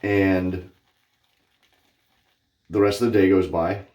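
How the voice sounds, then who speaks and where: Male shaving vlogger from Texas, deep low voice, rambling and chatty with frequent self-corrections. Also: flat delivery, slow pace, darkish tone. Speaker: wet shaving channel host. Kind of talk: casual chat while shaving.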